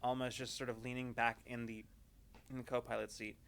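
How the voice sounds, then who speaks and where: Bright-voiced man narrating as game master. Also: mid-range voice, level tone, gravelly. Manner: loose, halting narration with many fillers.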